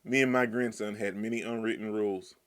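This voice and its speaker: A man reading the lines of a gentle old male Komodo dragon grandfather from a manga, quiet and even. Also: fairly low pitch, brisk, close to an everyday voice. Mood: somber.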